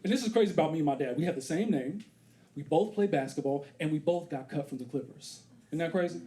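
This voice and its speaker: This stand-up comedian, a man in his thirties, plays characters with big swings in his voice while performing on a theater stage for a live crowd. He talks fast in a fairly high, warm voice, and audience laughter fills the live club recording.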